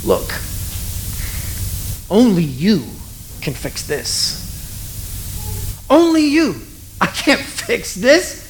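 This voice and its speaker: A preacher slips into a frantic, pleading father, desperate for his son's life. He begs in an earnest, insistent voice pitched in the middle range. Faint noise hums behind him. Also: huge pitch swings, very slow, long pauses, full character voice, poor audio. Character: desperate royal official begging for his dying son.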